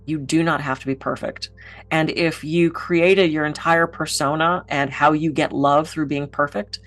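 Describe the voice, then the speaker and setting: A woman's voice: low voice, a bit bright. A woman giving a motivational talk to camera as a mind-body speaker, frank and encouraging, swearing casually now and then.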